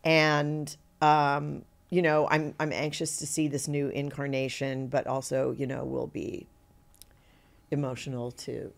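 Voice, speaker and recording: A woman's voice: a bass voice, a little slow, vocal fry. A middle-aged woman, a guest actor, telling anecdotes in an interview and acting out the voices of people she quotes. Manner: animated storyteller who acts out quoted voices.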